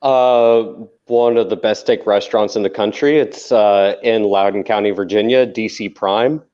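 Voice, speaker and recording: A man's voice: on the low side, steady tone, normal speed, a little mellow, clean tone. A man co-hosting a casual podcast chat, talking emphatically and with plenty of swearing. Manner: profane, emphatic, insistent. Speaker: podcast co-host. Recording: dull lo-fi sound.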